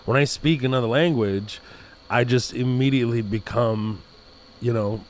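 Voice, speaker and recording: A man from Texas chatting as a podcast guest, animated and quick to laugh. His voice sits at a middling pitch for a man, and he slides into put-on accents as he tells stories. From Texas, USA. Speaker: comedian guest. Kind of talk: casual podcast chat.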